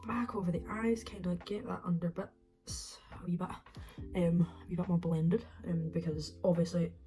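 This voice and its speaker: A young woman talking through a makeup tutorial in a rambling, self-mocking way, full of restarts, and now and then dropping to a breathy whisper as she concentrates. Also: on the low side, little pitch movement, normal speed, warm tone, soft background music, poor audio. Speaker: beauty vlogger.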